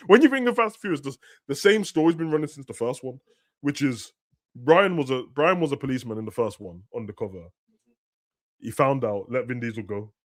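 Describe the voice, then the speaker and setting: A man's voice: mid-range voice, no room sound, studio quality. Slangy young man, ranting. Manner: ranting, slangy, bursts of shouting. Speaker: streamer hosting a football watch-along. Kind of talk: casual chat over a live match.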